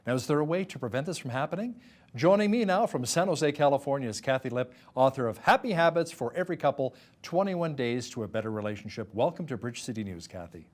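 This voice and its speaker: A man hosting a local newscast, asking guests brisk, conversational questions. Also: medium pitch, animated. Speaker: news anchor. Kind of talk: news interview hosting.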